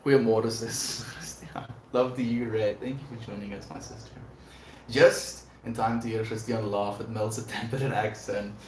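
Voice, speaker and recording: A man's voice: fairly low pitch, flat delivery, normal speed. A man hosting a casual livestream chat, talking in a rambling, reflective way and laughing often. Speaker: livestream host. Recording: echoey room, faint background noise.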